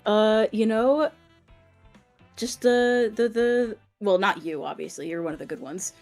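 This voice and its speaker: A woman chatting casually on a stream, teasing and joking, with halting restarts, on a headset microphone. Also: medium pitch, a little mellow, soft background music. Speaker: streamer's guest. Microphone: headset mic with headphones.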